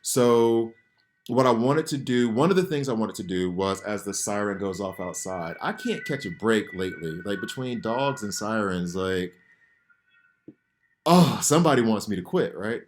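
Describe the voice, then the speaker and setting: A man's voice: fairly low pitch, lively intonation, moderate pace. A man hosting a gaming channel, talking in an earnest, rambling way with many fillers and restarts as he gives a heartfelt personal message, emotional at times. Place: home, sirens heard outside.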